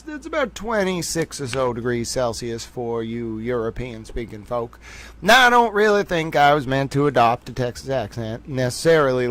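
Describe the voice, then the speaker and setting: A man hosting a casual live stream, joking loudly with his chat and drawing out playful asides. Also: medium pitch. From United States. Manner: jokey, loud, drawn-out playful asides. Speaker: livestream host. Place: home studio in Boston.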